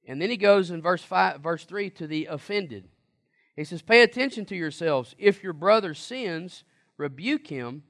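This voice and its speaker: Male preacher, slightly high voice, emphatic, chatty sermon delivery with questions to the room. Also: fairly bright tone. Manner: conversational, emphatic, asks the congregation questions.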